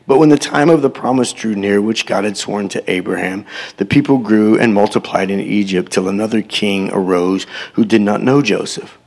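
A man's voice: on the low side, normal speed, vocal fry, a little mellow. A man reading scripture aloud in a sermon, breaking in with short asides of his own. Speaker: preacher.

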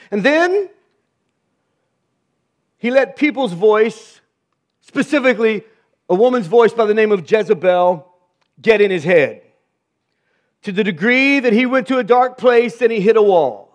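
A man delivers a sermon in a high-pitched voice, mixing scripture with wry, sarcastic asides. He swings between loud emphasis and hushed, chuckling remarks. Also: animated, moderate pace, long pauses. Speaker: pastor.

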